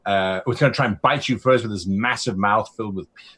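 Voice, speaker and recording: A man running a tabletop game as game master, narrating in a casual, animated way that often trails off into fillers. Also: on the low side, quick pace, breathy edge.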